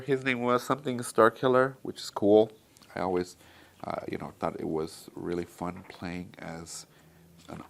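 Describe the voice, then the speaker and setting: Speaking in a low, gravelly voice over a faint hiss or hum, a man reviews his comic book collection for a casual vlog. He's chatty and excited, talking right to the people watching.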